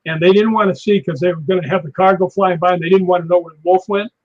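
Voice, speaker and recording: A man, a stunt performer guest, telling lively anecdotes and acting out crashes with sound words like boom and whap, with a husky voice. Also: quick pace. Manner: animated, acts out impacts with sound words. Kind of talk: anecdotal storytelling on a live show. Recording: dull lo-fi sound.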